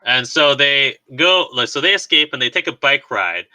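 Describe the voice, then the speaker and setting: A man's voice: medium pitch, animated, normal speed, sharp tone, low-quality recording. A man co-hosting a podcast, casually recapping a movie scene by scene with lots of fillers and laughs. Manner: rambling, laughs often, lots of "like" and restarts. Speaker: podcast co-host. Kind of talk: casual chat recapping a film.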